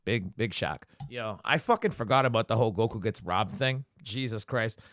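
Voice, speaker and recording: A man's voice: fairly low pitch, expressive, moderate pace, fairly bright tone, no echo. A man hosting a podcast alone, talking casually through an episode recap, cursing often and joking as he rambles. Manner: profane, jokey, rambling commentary. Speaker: podcast host.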